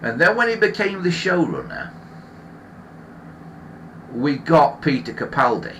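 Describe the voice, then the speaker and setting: A man's voice: fairly high pitch, huge pitch swings, a little slow, a bit bright, a little hiss or hum. Grumbling man ranting. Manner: opinionated, grumbling rant; rambling with frequent restarts. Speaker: live stream host. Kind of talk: casual live-stream chat.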